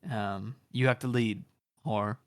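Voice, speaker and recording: A man's voice: on the low side, fairly even intonation, slow pace, no echo, studio quality. A man co-hosting a book podcast, thinking aloud in a rambling way with many fillers. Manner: rambling, lots of fillers and you-knows. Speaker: podcast co-host. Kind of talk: casual book discussion.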